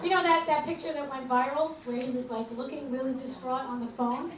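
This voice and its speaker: A woman in her forties doing a stand-up set, delivering deadpan one-liners and laughing at her own jokes. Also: sits high, brisk. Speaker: stand-up comedian. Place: comedy club stage. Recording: echoey club from far off, loud crowd. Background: loud crowd laughter and room noise.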